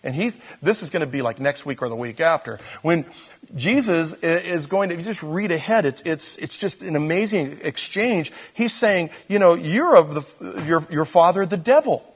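A man preaching a sermon as pastor, in a conversational way with fillers and restarts, moving between quiet intensity and animated emphasis. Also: fairly high pitch, moderate pace, husky.

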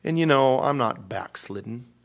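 A man with a creaky, mid-range voice preaches at a moderate pace, telling a story with animation and self-mockery. He acts out exchanges in sweeping swings and drops to hushed, almost whispered prayer.

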